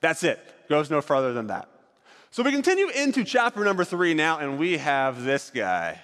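A man's voice: medium pitch, very animated, normal speed, a bit bright, in a large hall. A man leading a group through an acted-out Bible story, directing volunteers on stage as he narrates.

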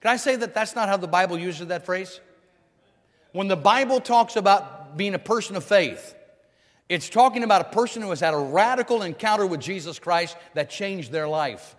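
A man's voice: sits high, lively intonation, normal speed, long reverb tail. A man preaching a sermon emphatically, repeating phrases and restarting as he drives each point home. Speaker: pastor.

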